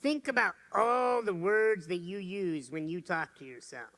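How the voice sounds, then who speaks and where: A man giving an earnest motivational talk, dropping to soft, intimate tones for serious points. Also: sits high, a little slow. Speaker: motivational speaker.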